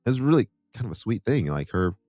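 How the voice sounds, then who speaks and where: A deep-voiced American man tells a long, chatty story, wandering off into asides to his viewers. The recording is dry and close, with no room sound. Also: sing-song, a little fast, a little mellow, no echo, lo-fi sound. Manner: rambling, chatty, self-interrupting with asides to viewers. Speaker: Christian music artist and host. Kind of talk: casual storytelling monologue.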